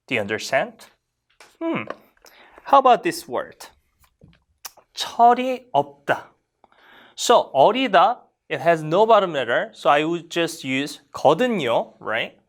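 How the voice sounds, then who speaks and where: Lively-pitched Korean language teacher. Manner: models Korean phrases slowly for learners to repeat; lively, questioning classroom delivery. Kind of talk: explaining grammar to learners.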